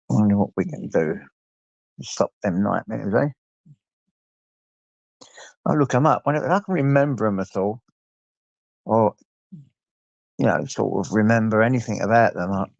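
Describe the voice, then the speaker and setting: A man's voice: on the low side, gravelly, darkish tone, no echo. An older man with an English accent hosting a late-night livestream, rambling and greeting viewers by name, swearing freely. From England. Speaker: livestream host. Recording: dull lo-fi stream audio.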